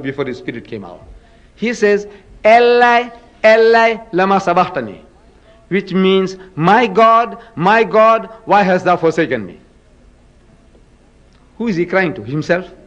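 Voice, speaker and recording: Male lecturer, fairly high voice, emphatic and questioning, muffled lo-fi recording. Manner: emphatic, rhetorical questions to the audience. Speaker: public lecturer in religious debate. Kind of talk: public lecture. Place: lecture hall with an audience.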